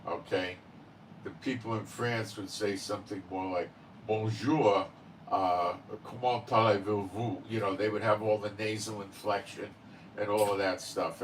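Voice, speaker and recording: A man talks slowly and unhurriedly in a loose, rambling monologue, leaning on "you know" and "okay?". His voice sits a little low. He sounds set back from the mic, with a faint hiss of background noise. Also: distant mic, low-quality recording. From Israel. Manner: rambling, many fillers and tag questions. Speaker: channel host. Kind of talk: casual monologue.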